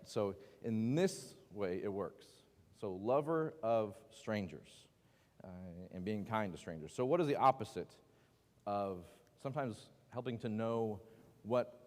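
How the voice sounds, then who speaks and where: A man's voice: lowish voice, a little slow, a little mellow. Joking man teaching a Bible class. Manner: conversational, joking, asks the class questions. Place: church classroom. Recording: long hall reverb.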